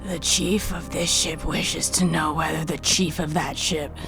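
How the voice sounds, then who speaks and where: A woman's voice: low voice, fairly even intonation, measured pace, gravelly, music in the background. A woman doing a whispering crab-mouthed alien. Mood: eerie. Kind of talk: amateur radio drama acting.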